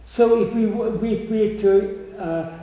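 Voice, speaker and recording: Ein Mann mit leicht hoher, weicher Stimme beantwortet in einem Versammlungsraum Fragen aus dem Publikum. Er spricht stockend und wiederholt Wörter, während er nachdenkt. Er steht weit vom Mikrofon entfernt, und der Raum hallt lang nach. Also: male voice, high-pitched, mellow. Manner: halting, repeats words while thinking. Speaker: speaker on spiritual teachings. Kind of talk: answering audience questions. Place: meeting room. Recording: echoey hall, far from the mic.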